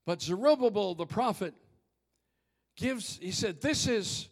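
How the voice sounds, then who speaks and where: A middle-aged man preaching a sermon, dropping to hushed near-whispers and rising to shouts. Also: sits high, animated, a little slow, long pauses. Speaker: pastor.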